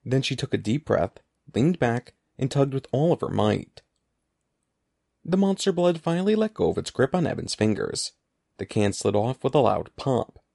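A man narrating a children's storybook aloud in an expressive, animated way. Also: mid-range voice, normal speed, gravelly. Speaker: audiobook narrator.

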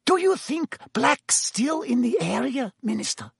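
A gossipy innkeeper woman in a storybook, voiced high and bouncing all over by a man doing her voice. She sounds eager and nosy, in a close, dry recording. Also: sing-song, slow pace, fairly bright tone, dry recording, full character voice. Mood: curious. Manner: chatty, gossipy. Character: curious middle-aged female innkeeper.

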